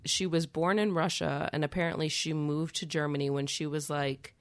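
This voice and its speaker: A woman with a deep, gravelly voice chats casually as a podcast co-host. She laughs often and fills her talk with fillers. Her sound is close and dry. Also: fairly even intonation, normal speed, no room sound. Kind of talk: casual chat.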